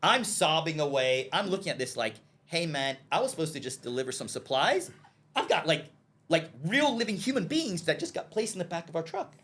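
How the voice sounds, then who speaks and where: Guesting on a podcast, a man tells a story with a fairly high voice at a slightly quick clip. He voices the characters' dialogue in each scene, repeatedly asks "okay?" to check in, and stammers and repeats himself when excitement takes over.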